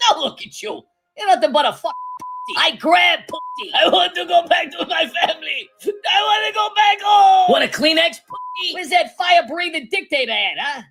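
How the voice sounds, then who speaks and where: A woman voicing loud, theatrical politicians and agents in a comedy parody sketch. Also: extremely high pitch, animated, moderate pace, full character voice. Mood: taunting.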